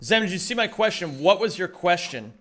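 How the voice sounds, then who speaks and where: Animated, bright-voiced male streamer. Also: high-pitched, fairly quick. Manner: chatty, swears casually, greets chat by name. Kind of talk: casual live-stream chat.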